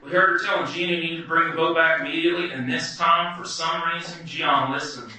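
A man performing a wry, animated first-person story live. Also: on the high side, fairly quick. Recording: echoey hall from far off.

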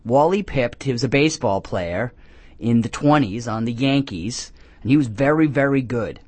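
A man hosting a comedy call-in radio show, speaking at a middling pitch. He rambles in a deadpan way from one absurd tangent to the next. He often restarts his sentences and makes fun of himself. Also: moderate pace, no room sound. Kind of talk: rambling comic monologue.

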